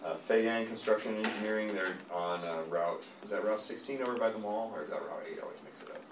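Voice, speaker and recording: A man, an engineer, giving a measured report in a meeting, with plenty of fillers. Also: fairly low pitch. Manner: plain, measured, halting with fillers. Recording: echoey room, distant mic, noisy.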